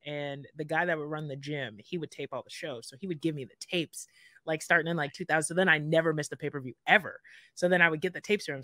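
A podcast guest telling rambling, emotional stories in casual chat. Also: male voice, a little high, bright, forceful tone, no echo, studio quality. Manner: emotional, rambling storyteller with many fillers.

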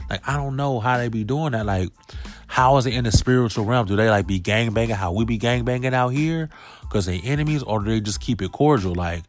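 A man's voice: medium pitch, fairly quick, soft background music. A man comedian riffing through loose, rambling slangy jokes in a monologue vlog.

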